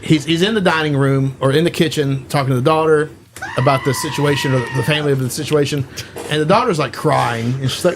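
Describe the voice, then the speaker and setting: A man's voice: a little high, quick pace, a little hiss or hum. A man co-hosting a podcast, casually retelling a movie plot in a rambling way, full of "like" and "you know.". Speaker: podcast co-host.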